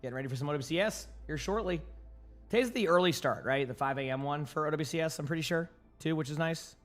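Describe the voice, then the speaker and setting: Slightly hoarse streamer chatting easily. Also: male voice, fairly high pitch, fast talker, faint music behind. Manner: relaxed and rambling, answering chat questions with fillers and restarts. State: yawning, sleepy. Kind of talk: casual chat with viewers.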